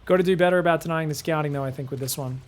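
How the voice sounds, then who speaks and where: Racing along in a voice on the high side, this man casts a game live by himself. He's chatty and rambling, talking straight to the people watching.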